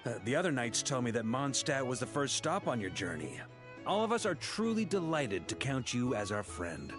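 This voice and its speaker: A man plays a gallant knight commander in a video game, speaking earnestly and formally with a lively, expressive pitch. Game music plays clearly under his lines. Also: moderate pace, lightly acted.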